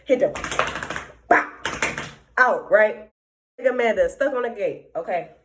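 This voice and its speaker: A young woman hosting a podcast, telling a long story in a rambling, profane, animated way with heavy slang. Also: mid-range voice, takes it slowly, noisy background. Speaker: podcast host. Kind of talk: casual storytelling monologue.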